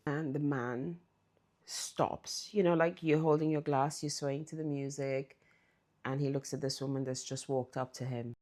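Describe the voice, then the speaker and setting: A vlog storyteller chats casually to the camera, addressing her viewers directly. Her low, dark voice stays fairly even in intonation and moves a little slowly.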